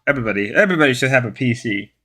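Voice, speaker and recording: Talking very fast, this live streamer sounds animated, bright and forceful at a medium pitch. He reads chat and rambles casually, sarcastic and mock-macho, often repeating or restarting what he says.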